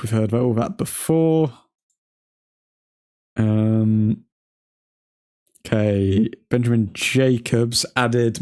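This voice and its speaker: A man's voice: medium pitch, a little mellow. Chatty man hosting a live stream. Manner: chatty, reads updates aloud, hums while scrolling. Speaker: livestream host reading transfer news. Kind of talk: casual live stream chat.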